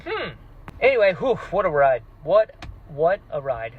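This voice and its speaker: A man excitedly talking through his reactions to a fantasy novel in a casual vlog, jumping into quick put-on voices for characters. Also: high voice, breathy edge, poor audio. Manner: excitable, animated, mock-voicing characters. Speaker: book vlogger.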